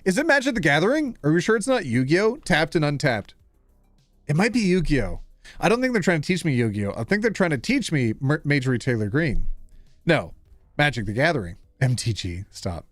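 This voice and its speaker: A man's voice: fairly high pitch, brisk, no room sound, soft background music. A man streaming live, chatting casually with his audience in a playful, teasing way. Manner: playful, animated, teasing, reading chat aloud.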